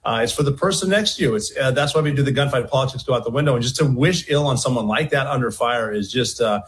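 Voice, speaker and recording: A man in a played interview clip speaking earnestly and haltingly, often restarting his phrases. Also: mid-range voice.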